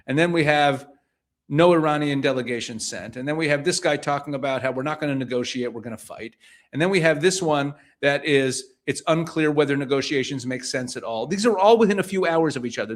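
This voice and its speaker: Reading news items one after another, this male commentator follows each with a pointed paraphrase of his own and leans on rhetorical questions to make his case. He has a slightly higher voice than the typical man.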